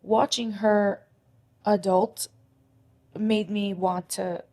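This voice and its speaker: A woman's voice: mid-range voice, steady tone, extremely slow, a little mellow. Earnest woman opening up on a podcast. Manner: earnest, acts out her own inner thoughts aloud. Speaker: podcast guest. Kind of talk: candid emotional conversation.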